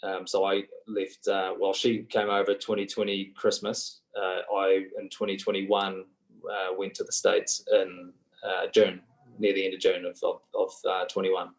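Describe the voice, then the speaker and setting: A man with a New Zealand accent, a guest telling his story in a relaxed way with many fillers. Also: low voice, measured pace, low-quality recording. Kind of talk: casual interview.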